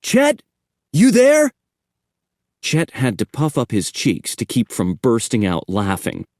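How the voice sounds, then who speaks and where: A man narrating a horror audiobook in a measured storytelling manner. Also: on the low side, expressive, darkish tone, no room sound, clean studio sound.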